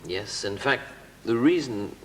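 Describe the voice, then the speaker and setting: A man's voice: lowish voice, expressive, measured pace, crowd noise. A man in his thirties, a comedian guest on a television chat show, talking with hesitant restarts and dry self-mockery. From North East England. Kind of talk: casual chat show interview. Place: television studio. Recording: echoey studio with faint hiss.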